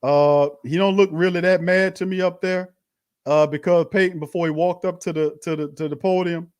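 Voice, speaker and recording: A fired-up man with a drawl, hosting a live stream and ranting about a game. His fairly high voice breaks into stammered restarts and curses, and he goes from loud outbursts to muttered disbelief. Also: fairly even intonation, normal speed, clear, resonant tone. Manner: heated, swearing, stammering restarts. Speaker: sports show host. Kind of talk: live-stream watch party rant.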